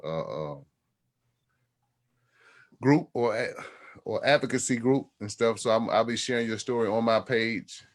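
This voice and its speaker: A man hosting a talk show, encouraging his guest in a halting, casual way. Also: mid-range voice. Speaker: host.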